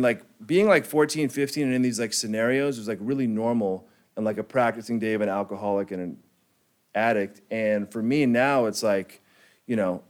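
A man's voice: mid-range voice, clear, resonant tone. Laid-back young man telling his story. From California, United States. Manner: laid-back slangy storytelling, heavy on "like", chuckling. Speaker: recovery speaker sharing his story. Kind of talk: personal testimony to a group.

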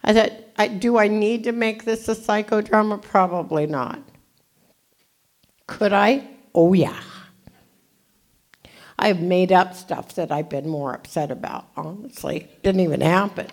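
A woman in her seventies from California gives an animated, jokey, self-deprecating storytelling talk as a recovery meeting speaker. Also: medium pitch, unhurried, pauses often. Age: 70s.

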